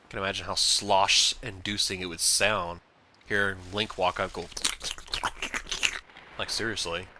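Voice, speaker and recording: A man with a lowish voice talks his way through a video game in loose, rambling commentary, full of goofy, self-mocking asides. Game music plays clearly behind him the whole time. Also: pushed and bright. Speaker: let's play host.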